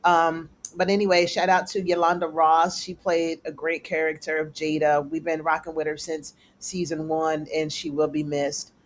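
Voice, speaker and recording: A TV recap reviewer who chats casually through an episode. They talk in a loose, colloquial way and jump up in pitch when acting out the characters' lines. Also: little pitch movement, moderate pace, few pauses, slight background noise. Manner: chatty, colloquial, acts out characters' lines in a raised voice.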